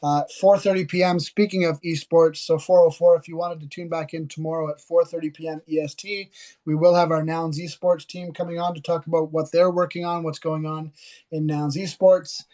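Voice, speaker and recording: A man's voice: fairly high pitch, little pitch movement, a little fast, mellow. A man from Canada hosting a live audio chat, joking and rambling with filler words. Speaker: host.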